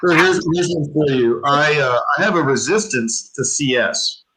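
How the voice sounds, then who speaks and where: Lively male storyteller. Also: a little high, moderate pace, noisy background. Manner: animated, acts out voices in anecdotes. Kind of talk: casual storytelling chat.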